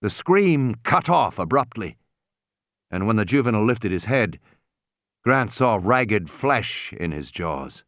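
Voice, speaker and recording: A man narrating an audiobook with energy, his pitch swinging freely through the story. The sound is close and dry, with no room around it. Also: very animated, takes it slowly, a bit bright, no room sound.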